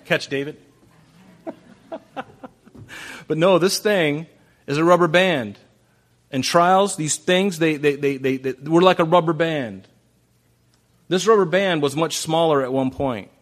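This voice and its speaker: A man's fairly high voice carries a conversational sermon at a measured pace, broken up by frequent pauses. He is a pastor who alternates between loud, forceful lines and soft, hushed stretches, often repeating his phrases.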